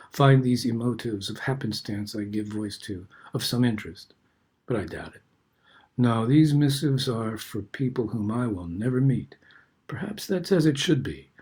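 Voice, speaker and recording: An older man, host of the show, reading his own personal essays aloud in a reflective, unhurried way. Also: medium pitch, darkish tone, breathy edge.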